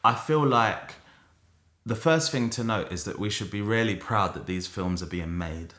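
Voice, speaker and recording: Man, podcast co-host, animated, opinionated, casual chat, roomy sound. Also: fairly low pitch, normal speed. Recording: roomy echo.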